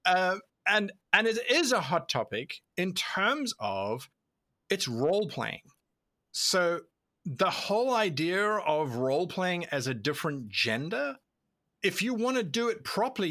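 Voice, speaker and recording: A man with a bright, fairly high voice answers interview questions about tabletop games. He explains in animated bursts and slips into little acted-out quotes along the way. It sounds like relaxed, eager conversation. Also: no echo, clean studio sound. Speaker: guest, tabletop role-play video creator.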